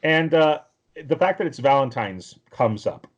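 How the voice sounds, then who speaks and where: A man's voice: mid-range voice, animated, unhurried, muffled recording. A man co-hosting a podcast, recapping a cartoon episode in casual chat that rambles with lots of filler words. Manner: rambling, with many fillers and restarts. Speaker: podcast co-host.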